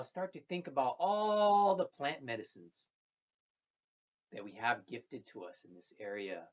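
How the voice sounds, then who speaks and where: A storyteller speaking slowly and gently, repeating phrases while telling a traditional tale to children. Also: mid-range voice, very animated. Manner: slow, gentle and repetitive, with soft trailing phrases. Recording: dull lo-fi recording.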